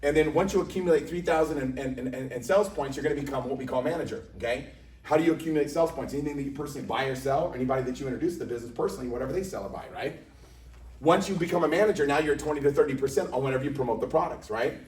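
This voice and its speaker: A man's voice: mid-range voice, very fast, darkish tone. A man from Indiana giving a joking sales presentation to a live audience, often asking the room questions. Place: company office meeting room. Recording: echoey room, from a distance.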